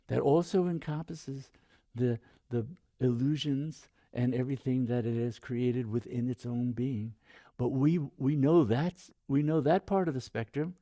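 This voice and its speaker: A man with a low, gravelly voice leads a guided meditation. He speaks slowly and softly, repeating phrases like a chant. His tone is dark and mellow, and the recording is close and dry. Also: no room sound. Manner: slow, soft-spoken, repeats phrases like a chant. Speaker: meditation teacher.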